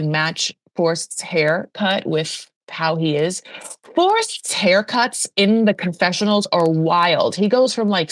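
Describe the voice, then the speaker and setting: A woman hosting a podcast, recapping a reality show in a chatty, gossipy way with animated asides. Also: mid-range voice, no room sound. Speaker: podcast host. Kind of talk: casual pop-culture recap.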